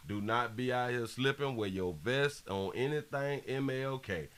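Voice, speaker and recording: A man's voice: medium pitch, a little slow, a bit bright. A man hosting a live stream, chatting casually in slang, repeating phrases and reading out viewer donations. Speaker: livestream host.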